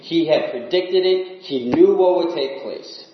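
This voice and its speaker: A man preaching a sermon in an earnest, emphatic way, dropping low and quiet on the words he stresses. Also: a little slow. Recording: echoey room, dull lo-fi sound.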